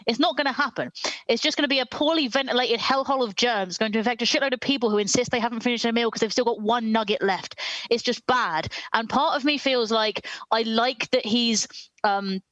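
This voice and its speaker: A woman's voice: fairly high pitch, a little fast, fairly bright tone, dry recording, muffled recording. Brash, sweary woman. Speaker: comedian panelist. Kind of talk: comedic rant on a live stream.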